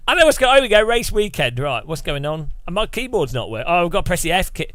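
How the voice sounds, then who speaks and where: A man's voice: a little high, very animated, quick pace, fairly bright tone, no echo. A man giving casual, sardonic commentary over a game he is playing, muttering asides at a desk mic. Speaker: gaming YouTuber.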